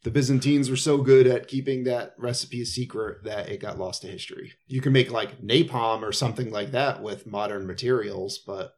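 A man's voice: mid-range voice, fairly even intonation, normal speed, few pauses, a little mellow. A man in casual chat, rambling through a movie plot with fillers and acted-out quotes. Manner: rambling, filler-heavy, acts out characters' lines.

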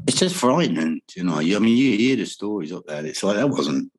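A man's voice: lowish voice, big pitch swings, brisk. A man in a casual interview, telling rambling stories about music and travel, swearing freely and laughing often. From Wales. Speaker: guest musician.

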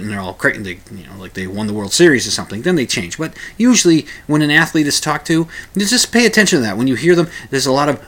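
A man's voice: mid-range voice, fairly bright tone. A man hosting a casual spoken monologue, rambling with many restarts and small chuckles.

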